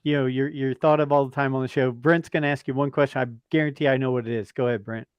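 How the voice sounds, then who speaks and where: A man's voice: medium pitch, steady tone, quick pace, clean tone, dry recording. A man hosting a podcast, friendly and teasing in casual chat. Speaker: podcast host.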